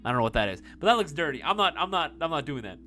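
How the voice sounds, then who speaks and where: A man's voice: on the high side, very animated, very fast, bright, forceful tone, soft background music. A young man hosting a casual live-stream Q&A, swearing freely and laughing often. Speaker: live stream host answering viewer questions.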